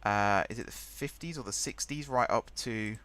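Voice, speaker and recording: A man's voice: on the low side, moderate pace, fairly bright tone. A young man hosting a game let's play, rambling chattily and thinking aloud as he types. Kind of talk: casual gameplay commentary.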